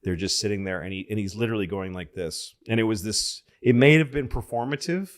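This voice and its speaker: A man's voice: fairly low pitch, fast. A middle-aged man from Massachusetts, a podcast guest telling rambling anecdotes in casual chat and acting out other people's voices.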